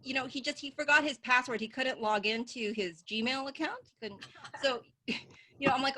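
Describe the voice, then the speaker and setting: A woman comedian telling stories in a stand-up set over a video call, animated and laughing at her own jokes. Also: fairly high pitch, normal speed. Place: at home.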